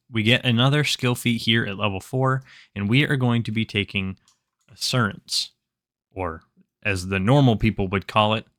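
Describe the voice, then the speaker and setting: Man, lowish voice, dry close sound, methodical tutorial host. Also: a bit bright, no echo. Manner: methodical step-by-step explaining. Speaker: tabletop game build guide host. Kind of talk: screen-recorded game tutorial.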